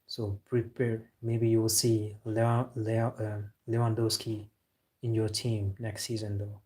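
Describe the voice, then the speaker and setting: Man from Senegal, low voice, monotone, laid-back, joking live-stream host. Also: measured pace, breathy edge. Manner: laid-back, joking, says "bro" often. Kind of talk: casual live-stream chat, reading and answering viewer comments.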